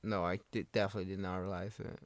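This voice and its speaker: A man co-hosting a podcast who speaks quietly and hesitantly in casual chat. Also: sits low, level tone, fast, dry recording. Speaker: podcast co-host.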